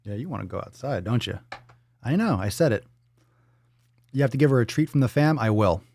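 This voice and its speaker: A man's voice: medium pitch, lively intonation, brisk, vocal fry, a little mellow, a little hiss or hum. A man hosting a casual livestream, playful and swearing freely, cooing at his dog in baby talk. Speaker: livestream host.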